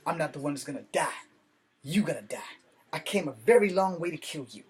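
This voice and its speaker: A dubbed martial-arts movie fighter, put on by a man, delivering threats in a stiff, overly formal way. The voice sits a little high and the menace is stilted, like a clumsy English dub. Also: brisk, lightly acted. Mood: menacing.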